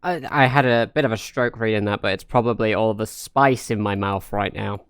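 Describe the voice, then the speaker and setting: A man's voice: on the low side, fairly even intonation, moderate pace, smooth, dry recording, studio quality. A young English man chatting casually on a live stream, rambling and joking with lots of fillers. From England. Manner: rambling, jokey, many fillers. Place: home in Norway.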